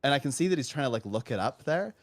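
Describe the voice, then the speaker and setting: A man's voice: mid-range voice, quick pace. A man, a teacher, telling a story in casual chat, acting out both sides of the conversation. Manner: animated, acts out both sides of a dialogue. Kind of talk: casual storytelling on a live stream.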